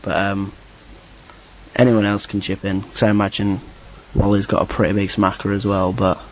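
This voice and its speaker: A man's voice: on the low side, completely flat delivery, moderate pace, a little hiss or hum, rough recording. A man with an English accent leaving a recorded voicemail question for a podcast, hesitant and cheeky. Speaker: listener sending a voicemail.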